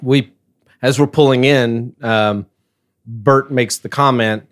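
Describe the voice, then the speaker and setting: A middle-aged man co-hosting a podcast, telling a story in a casual, animated way with frequent laughter. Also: mid-range voice, takes it slowly. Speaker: podcast co-host.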